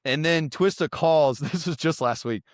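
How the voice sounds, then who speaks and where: A man in his thirties, a podcast guest, telling lively stories in casual chat and mimicking his friends' voices. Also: a little high, moderate pace, dry recording, studio quality. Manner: animated, mimics voices when quoting friends. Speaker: guest, content creator. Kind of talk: casual storytelling.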